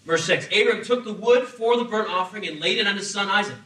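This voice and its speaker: A high, bright-voiced man preaching a sermon, lively and humorous, slipping into acted voices as he tells the story. He sounds a little off the mic, and the room around him echoes. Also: fast talker, recorded from a distance. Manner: animated, acts out voices with humor. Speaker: pastor.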